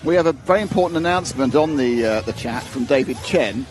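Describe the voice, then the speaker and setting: A man's voice: mid-range voice, animated, quick pace. A British man co-hosting a livestream, chatting and joking with frequent laughter. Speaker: livestream co-host. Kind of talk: casual commentary chat. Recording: music playing under the voices.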